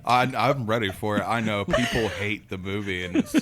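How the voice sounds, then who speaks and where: A man in his thirties co-hosting a podcast, chatting casually in a relaxed, laid-back way. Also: on the low side, a little fast, a crowd in the background. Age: 30s. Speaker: podcast co-host. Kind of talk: casual chat.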